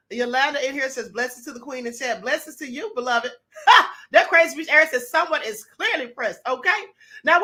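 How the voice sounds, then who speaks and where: A woman hosting a live-streamed talk show, reading viewer shout-outs in a sassy, gossipy, teasing way, her voice a little hoarse. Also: high-pitched. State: slightly hoarse.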